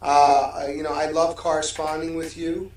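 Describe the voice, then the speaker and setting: A man's voice: a little high, level tone, normal speed. Effusive man on an echoey distant line. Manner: warm, effusive, friendly. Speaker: interview guest. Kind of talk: casual interview chat.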